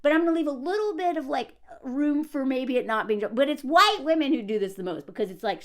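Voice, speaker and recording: A middle-aged woman ranting to camera in a loud, emphatic vlog, often breaking into yelling. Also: sits high, animated, fast, few pauses. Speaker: vlogger.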